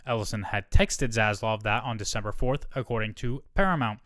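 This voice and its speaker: A male podcast host reads a news article aloud and breaks off for casual asides and quick corrections. His voice is smooth and resonant at a middle pitch. The sound is dry and close, with no room echo. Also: a bit bright. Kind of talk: solo podcast, reading a news article with commentary.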